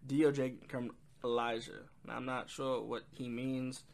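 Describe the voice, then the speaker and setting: A man's voice: medium pitch, level tone, slow, vocal fry. A man casually reviewing an album, rambling with frequent ums and quoting lyrics. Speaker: music reviewer.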